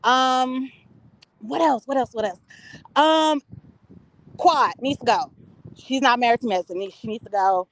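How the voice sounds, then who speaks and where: A woman's voice: fairly high pitch, unhurried, long pauses, rough recording. Blunt, chatty woman calling in. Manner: blunt, chatty, lots of fillers. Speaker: caller. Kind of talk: casual call-in opinions.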